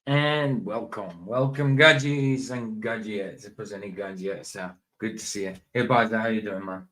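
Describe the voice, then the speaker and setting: A man's voice: fairly low pitch, fairly even intonation, moderate pace, pushed and bright, rough recording. A man hosting a casual livestream chat, rambling, often laughing and breaking off mid-sentence. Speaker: livestream host. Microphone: streaming setup.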